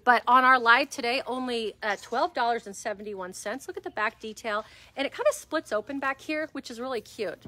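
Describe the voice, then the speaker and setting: A woman hosting a live resale-shop sale, describing clothes and prices in chatty, upbeat patter with plenty of fillers, speaking loudly without her own mic in a shop. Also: a little high, lively intonation, a little fast. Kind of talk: live shopping stream chat. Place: shop interior. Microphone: no microphone, speaking loudly.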